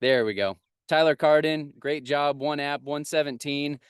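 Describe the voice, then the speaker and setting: A man's voice: a little high, moderate pace, clear, resonant tone, no room sound, studio quality. A man leading a motivational team huddle over a video call from a parked vehicle, upbeat and hype-driven, repeating himself for emphasis. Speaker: agency leader hosting a team call. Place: parked vehicle on a road trip.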